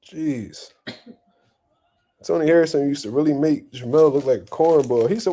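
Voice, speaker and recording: Blunt, profane man with a mellow voice. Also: on the high side, normal speed, long pauses. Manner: profane, blunt, animated, laughing trash talk. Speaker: boxing commentary host. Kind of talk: casual opinion talk.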